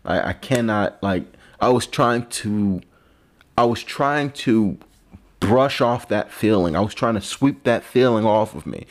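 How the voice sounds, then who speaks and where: A man's voice: fairly low pitch, lively intonation, unhurried. A man, a vlogger and comedian, drinking and rambling in a profane, self-mocking monologue. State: drinking alcohol.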